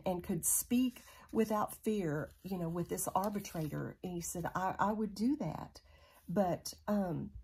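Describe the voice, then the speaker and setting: A woman's voice: fairly low pitch, mellow, husky. A woman teaching a Bible study in a casual, hesitant way, with many fillers and restarts as she paraphrases scripture.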